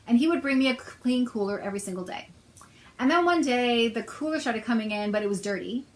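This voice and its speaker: A woman's voice: a little high, fast talker, rough recording. A middle-aged woman talking casually to her viewers, telling a personal story in a chatty way with a sarcastic edge. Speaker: self-help author and host.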